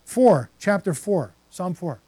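A man's voice: high-pitched, animated, slow, mellow, husky, dry recording. A man preaching a sermon, reading scripture passages aloud and then stopping to reflect on them.

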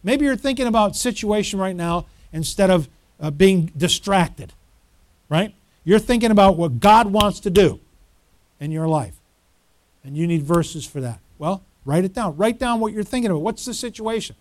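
A man preaching a sermon as a pastor, urging his listeners quietly and then building to loud, fervent exhortation. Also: high voice, expressive, normal speed.

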